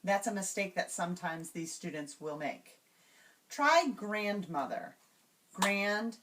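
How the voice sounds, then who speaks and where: A woman calmly explaining classroom routines step by step, slowing down to sound out example words. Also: lowish voice, distant mic. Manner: clear, measured, slows to sound out example words. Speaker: teacher trainer. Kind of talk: instructional walkthrough.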